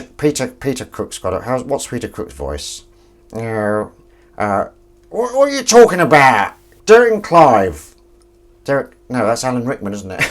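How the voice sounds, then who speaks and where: A man chatting casually while washing up at home, rambling through film trivia and asides to someone in the room. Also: on the low side. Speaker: vlogger washing up. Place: home kitchen. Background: clinking dishes and cutlery.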